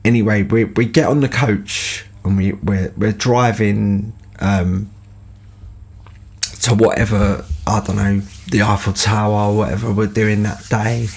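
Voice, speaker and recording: A man's voice: fairly low pitch, steady tone, a little slow, vocal fry, breathy edge. A man, telling a rambling story as a podcast host, full of fillers. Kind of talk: casual anecdote.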